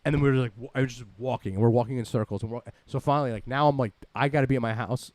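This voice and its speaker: A man hosting a podcast, telling a story in rambling, animated bursts and swearing freely. He talks very fast at an average pitch. The sound is dry, with no room around it. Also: no echo. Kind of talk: casual profane storytelling.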